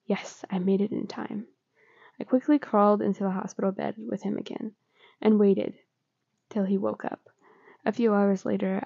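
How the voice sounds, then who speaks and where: A woman reads fan fiction aloud in a plain, unhurried way. Her voice is gravelly and dark. The recording is close, dry and lo-fi. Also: mid-range voice, no room sound. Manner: plain, unhurried reading with small slips. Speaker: fanfiction reader.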